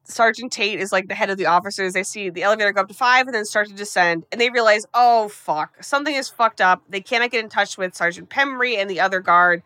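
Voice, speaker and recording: A woman podcast host recapping a film for a guest, telling it fast and breathlessly, with lots of profanity. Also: medium pitch, pushed and bright, no echo. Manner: rapid, profane, breathless storytelling.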